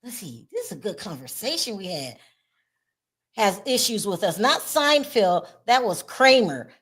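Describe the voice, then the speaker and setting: A woman hosting a casual livestream chat, talkative and expressive, laughing often. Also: medium pitch, a little slow, slightly rough. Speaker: host.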